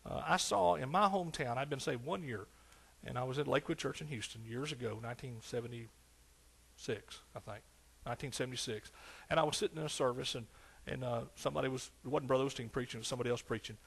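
A man's voice: medium pitch, fast talker, vocal fry, hardly any pauses, a bit bright, slightly rough. A man in his sixties with an East Texas accent, preaching a sermon with fervent exclamations and folksy storytelling. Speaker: pastor.

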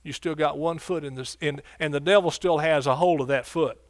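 Pastor preaching with call-and-response. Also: male voice, a little high, brisk, dry recording, clean studio sound. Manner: preacherly call-and-response, asks congregation questions. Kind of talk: sermon.

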